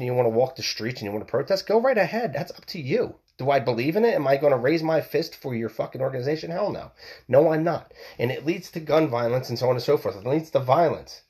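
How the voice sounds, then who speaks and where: A man's voice: mid-range voice, a little mellow. A man hosting his own podcast, delivering a blunt, heated opinion monologue with frequent swearing. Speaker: podcast host.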